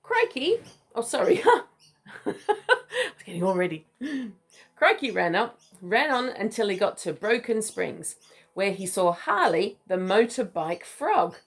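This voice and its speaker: Mum reading to her kid, lively up-and-down voice, playful asides. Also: medium pitch, measured pace. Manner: playful, chatty asides and laughs. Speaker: mother reading to her child. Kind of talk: reading a picture book aloud.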